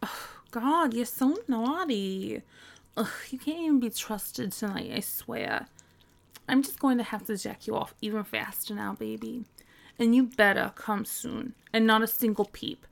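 A giggly, bossy young woman, played by a woman, in an audio role-play. She teases and scolds in mock disgust. Her speech is slow and her voice sits a little high. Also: creaky. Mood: teasing. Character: teasing, bossy young woman on a phone call.

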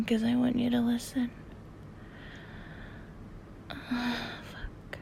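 A woman with a sleepy morning voice, whispering close to the mic with soft laughs in an intimate monologue. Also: a little high, monotone, very slow, gravelly, pauses often, slight background noise. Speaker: audio creator.

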